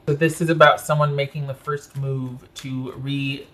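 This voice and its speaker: A man's voice: mid-range voice, little pitch movement, moderate pace, fairly bright tone. A man giving a casual tarot reading, thinking aloud as he turns cards and correcting himself as he goes. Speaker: tarot reader.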